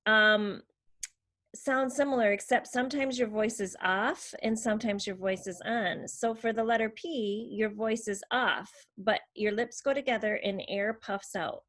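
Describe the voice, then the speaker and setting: A woman's voice: mid-range voice, unhurried, a bit bright. A woman speech language therapist, patiently explaining how letter sounds are made and modeling each one. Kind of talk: instructional demonstration.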